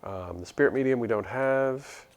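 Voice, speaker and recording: Gravelly-voiced man narrating gameplay. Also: medium pitch, moderate pace. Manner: muttering, reading quest text aloud. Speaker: game streamer. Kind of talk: casual gameplay commentary. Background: faint music.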